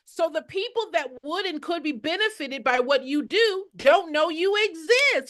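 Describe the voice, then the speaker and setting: A woman's voice: very high voice, lively intonation, normal speed, fairly bright tone. A woman fundraising coach teaching a live class with emphatic, repetitive call-and-response, often asking listeners to answer in the chat.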